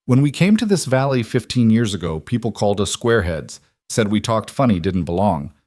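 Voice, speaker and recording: A man voicing a stern, brisk elderly farm wife with a Norwegian accent and blunt broken English. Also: lowish voice, sing-song, a little mellow, no echo, studio quality. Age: older.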